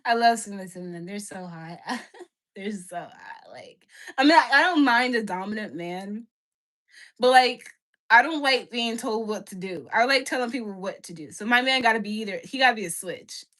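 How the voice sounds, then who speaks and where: Bright-voiced frank young woman livestreaming. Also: a little high, animated, brisk. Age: 20s. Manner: frank, blunt, laughs often, slangy. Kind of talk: casual livestream chat.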